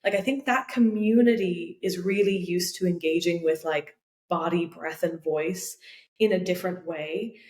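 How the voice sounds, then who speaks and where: A young woman with a lowish voice speaks as a podcast guest, thinking aloud and circling back with plenty of likes and restarts. The room around her rings with a noticeable echo. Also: normal speed, a little mellow. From Ireland. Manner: thoughtful, full of likes and restarts. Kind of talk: casual interview talk. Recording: roomy echo.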